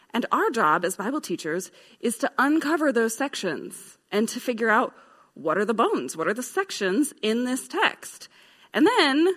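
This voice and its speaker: A woman's voice: mid-range voice, a bit bright. A woman teaching a class of Bible teachers in a playful, lecturing way, laughing at her own drawings. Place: in front of a live class.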